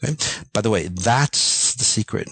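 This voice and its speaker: A man with a very low, deep voice delivers a passionate monologue to his audience, ranting and swearing bluntly as he drives his point home. He keeps checking in with "okay?" and "you know", and the dry, close sound leaves almost no room echo. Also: animated, moderate pace, a bit bright, breathy edge. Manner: intense, ranting, speaks directly to listeners; frequent fillers and tag questions. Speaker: podcast host. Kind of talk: motivational monologue.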